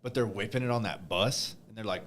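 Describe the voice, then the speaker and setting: A man co-hosting a podcast, joking crudely and reacting loudly in casual chat at a live broadcast. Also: on the low side, a little fast. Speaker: podcast co-host. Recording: live crowd noise behind.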